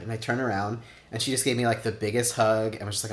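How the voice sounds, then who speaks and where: A man's voice: lowish voice, level tone, quick pace. A man in his thirties, interviewed for an oral history, telling personal stories casually with lots of "like" fillers and acted-out quotes. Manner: chatty, many "like" fillers, acts out quotes. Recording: roomy echo.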